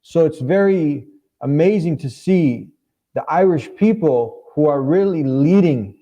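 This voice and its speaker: Man, interview host, conversational, affirming, warm mellow voice. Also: a little high, lively intonation, a little slow. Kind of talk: interview questions.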